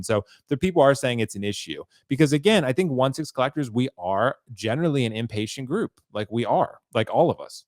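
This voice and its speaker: A man's voice: medium pitch, no room sound, studio quality. A man hosting a collecting podcast, talking agreeably and hedging as he thinks aloud. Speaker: podcast host, toy reviewer. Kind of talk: casual podcast chat.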